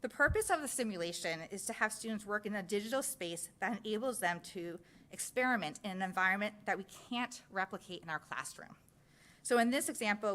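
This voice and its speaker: A woman's voice: medium pitch, a bit bright. Woman presenting science curriculum to a board. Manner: explanatory, walks through slides step by step. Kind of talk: presentation at a school board meeting. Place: public meeting room.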